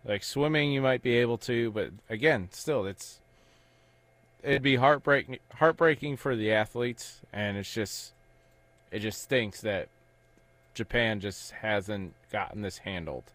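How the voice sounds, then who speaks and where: A man's voice: fairly low pitch, measured pace, fairly bright tone, no room sound. Wry male sports radio co-host. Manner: conversational, wry, chiming in. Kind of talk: casual sports talk.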